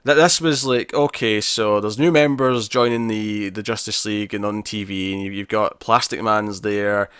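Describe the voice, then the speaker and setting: A man's voice: fairly low pitch, steady tone, normal speed, few pauses, a bit bright, clean tone, no echo, studio quality. A man co-hosting a podcast in casual chat, rambling with lots of "like" and laughs. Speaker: podcast co-host.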